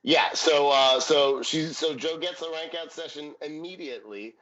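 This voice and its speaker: A man's voice: fairly high pitch, normal speed, a bit bright, dull audio. A man co-hosting a podcast, chatting casually and jokingly about a sitcom episode and swearing now and then. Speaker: podcast co-host. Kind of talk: casual chat recapping a sitcom.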